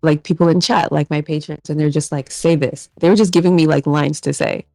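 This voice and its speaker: Woman guest, lowish voice worn from a cold, dry close sound, casual and agreeable. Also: steady tone, quick pace, gravelly, darkish tone, dry recording. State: getting over a cold. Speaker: audio role-play creator, returning guest. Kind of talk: casual podcast chat.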